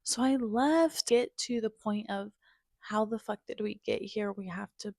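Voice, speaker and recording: A woman's voice: medium pitch, measured pace, vocal fry, a little mellow, no room sound, studio quality. A woman in her twenties telling a candid personal story as a podcast host, blunt and self-mocking, swearing freely and moving between wry humor and raw feeling.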